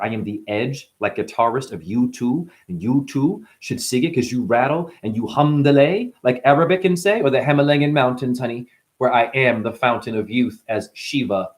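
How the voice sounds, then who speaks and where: A man raps a loose freestyle, chaining puns and rhymes one into the next. He's boastful and profane, with a voice at ordinary male pitch.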